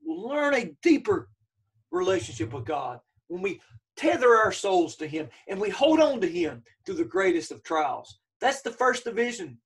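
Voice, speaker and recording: A man's voice: high-pitched, big pitch swings, normal speed, distant mic. A man teaching a church Bible study lesson, emphatic, repeating key phrases and checking in with his listeners.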